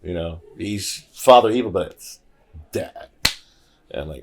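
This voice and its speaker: This podcast guest's voice sits low, and he tells stories at a measured pace with long pauses while a crowd can be heard behind him. His storytelling is casual and animated, with quoted voices acted out.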